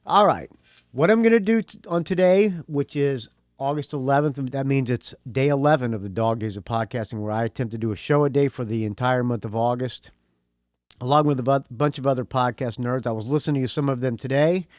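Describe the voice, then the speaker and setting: A man's voice: medium pitch, a little fast, a little mellow, dry recording. A middle-aged man hosting his own podcast, talking casually in a rambling, joking way with lots of fillers and restarts. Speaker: podcast host. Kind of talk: casual solo podcast talk.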